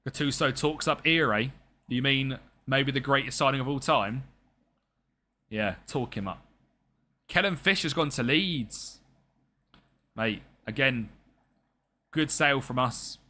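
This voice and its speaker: Lad streaming a footy manager game, bright voice, jokey chat with viewers. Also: male voice, medium pitch, a little slow, pauses often. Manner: chatty and jokey, talks to chat and game players. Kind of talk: live-stream game commentary chatting with viewers.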